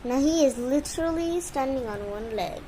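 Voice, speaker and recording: A woman's voice: high-pitched, lively intonation, moderate pace, mellow, a little hiss or hum, poor audio. A woman filming her pet bird at home on a handheld phone, cooing at it and scolding it in baby talk. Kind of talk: casual phone vlog talking to a pet. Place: indoors at home with a fan on.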